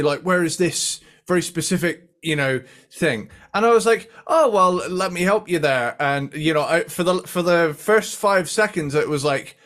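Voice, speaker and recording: English guy co-hosting a podcast, kinda high voice, lots of ums and restarts. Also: fairly bright tone. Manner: hesitant, lots of fillers and restarts. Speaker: podcast co-host. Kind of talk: casual chat.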